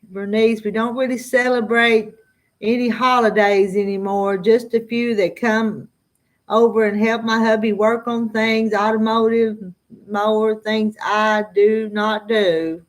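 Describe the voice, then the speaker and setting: A middle-aged woman with a slow Southern drawl talks casually to her live-stream viewers, her voice sitting a little high for a woman. She chats, answers comments and laughs often. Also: little pitch movement. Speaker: farm vlogger answering live chat.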